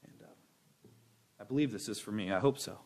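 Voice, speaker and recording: A young man preaching a sermon with a rambling, energetic delivery, breaking into acted-out voices. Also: lowish voice, fairly quick. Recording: long hall reverb.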